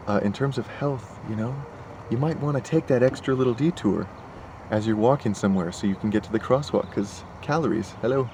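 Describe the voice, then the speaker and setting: A man's voice: medium pitch, darkish tone, slight background noise. A young man talking casually in a vlog, rambling and worked up, full of fillers and asides. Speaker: vlogger. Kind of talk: casual chat. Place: partly in a car.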